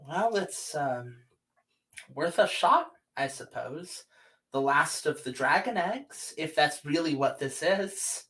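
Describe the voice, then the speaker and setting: Slow, halting, wary salamander gent, played by the game master, a bit off-mic. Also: mid-range voice, animated, fairly bright tone, recorded from a distance, low-quality recording. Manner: stammering, halting, hesitant speech. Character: nervous, guarded salamander man, formal and wary. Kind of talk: tabletop role-play character voice.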